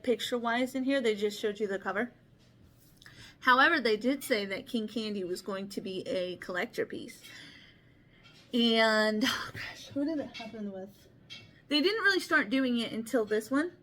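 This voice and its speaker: A woman's voice: a little high, a bit bright. A woman hosting a casual board game vlog, with a lisp and a slight stutter, talking in a rambling, earnest way and laughing often. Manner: rambling and chatty with restarts and small stutters. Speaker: board game channel host. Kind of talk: casual vlog talk showing games to camera.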